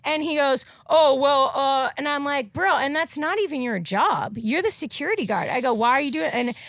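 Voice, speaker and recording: A young woman, hosting a podcast and telling a story in casual, profane, animated chat. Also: sits high, a little fast, dry recording. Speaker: podcast host.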